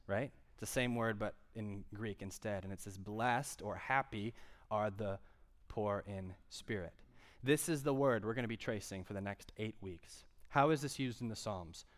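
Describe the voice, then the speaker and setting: A man's voice: medium pitch, a bit bright. A male pastor giving a conversational sermon, asking the congregation questions as he goes. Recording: long hall reverb.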